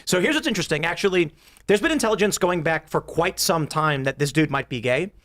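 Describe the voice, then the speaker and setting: Host, male, slightly high voice, casual jokey panel talk. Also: lively intonation, a bit bright. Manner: joking, riffing, quick asides. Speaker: podcast host.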